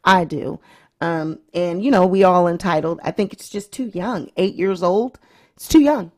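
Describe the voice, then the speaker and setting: A woman's voice: fairly low pitch, moderate pace, a little mellow. A woman hosting her own vlog, giving chatty, opinionated commentary straight to her viewers. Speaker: vlog host. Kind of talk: casual celebrity-news commentary.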